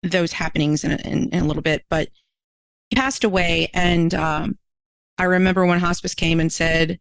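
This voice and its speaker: A woman's voice: on the low side, fairly even intonation, normal speed, creaky, smooth, low-quality recording. A woman minister, a podcast guest, telling a personal story in an earnest, emotional way, her voice climbing when she is moved.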